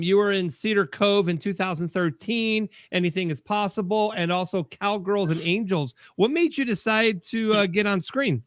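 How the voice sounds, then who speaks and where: A man's voice: high-pitched, fairly bright tone, no room sound, clean studio sound. A man co-hosting a podcast, asking guests upbeat interview questions.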